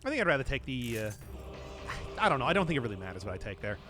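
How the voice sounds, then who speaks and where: A man's voice: mid-range voice, very animated, racing, sharp tone, soft background music. A man streaming a video game, chatting casually and rambling to his viewers while he plays. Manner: chatty and rambling, talking to chat while playing. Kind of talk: casual gameplay commentary.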